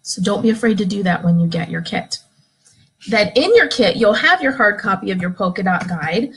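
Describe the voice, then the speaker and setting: A woman's voice: mid-range voice, moderate pace, gravelly, husky, poor audio. A woman leading a live video training for her direct sales team, upbeat and encouraging, talking straight to new members. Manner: upbeat, encouraging, acts out excited examples. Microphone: phone or webcam, live stream.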